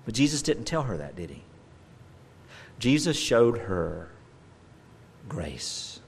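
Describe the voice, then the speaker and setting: A male preacher giving a sermon, animated and emphatic, with playful joking asides. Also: on the low side, slow, vocal fry, pauses often, slight background noise.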